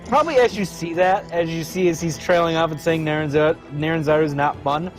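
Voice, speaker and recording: A man playing a tabletop game, casual and halting, full of fillers and giggles. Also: on the high side, faint music behind. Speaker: player.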